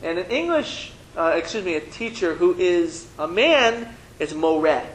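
A man's voice: high voice, sing-song, a little slow, a little hiss or hum, poor audio. A man teaching a Hebrew reading lesson to a class, patiently sounding out syllables and teasing his students playfully.

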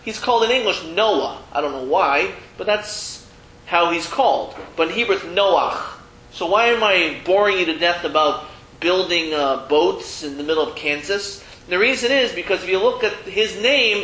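A man's voice: sits high, expressive, normal speed, pushed and bright, roomy sound, rough recording. A man teaching a Hebrew reading class, chatty and self-deprecating, often restarting his sentences. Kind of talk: classroom lesson. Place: classroom with a board.

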